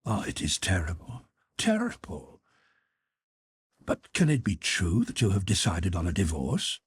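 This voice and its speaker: A man voicing a distraught, devoted woman who pleads for her friend, his voice climbing high in distress. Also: sing-song, moderate pace, slightly rough, no echo, heavily acted.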